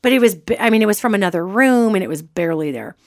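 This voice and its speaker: A woman's voice: mid-range voice, quick pace, no echo, studio quality. A woman hosting a podcast, telling a story casually and explaining things matter-of-factly. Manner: animated, explanatory, talks of spirits and energy matter-of-factly. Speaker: podcast host.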